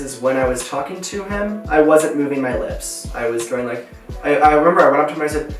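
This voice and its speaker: A man's voice: on the high side, a little fast. Young man vlogger, chatty storyteller doing voices, distant roomy sound. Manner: animated, acts out voices in his story. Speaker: vlogger telling a story while doing makeup. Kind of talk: casual storytelling while following a tutorial. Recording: echoey room, voice from off-mic, faint music.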